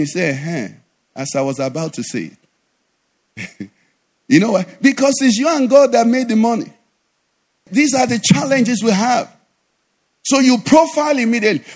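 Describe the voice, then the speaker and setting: Male pastor, middle-aged, high voice, animated sermon delivery. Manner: animated preaching with sudden drops to a low conversational voice and acted asides.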